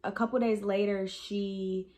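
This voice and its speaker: A woman's voice: mid-range voice, flat delivery, a little slow, dark tone. Frank young woman telling a story. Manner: rambling, frank, lots of "um" and "like". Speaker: vlogger. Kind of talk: casual storytime monologue.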